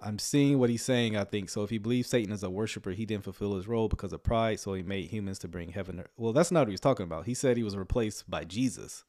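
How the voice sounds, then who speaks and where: A man's voice: lowish voice, fast talker, hardly any pauses, a little mellow. Sarcastic chuckling man commentator. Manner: sarcastic, chuckling, rambling with many fillers. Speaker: online commentator reacting to a sermon. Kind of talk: casual livestream commentary.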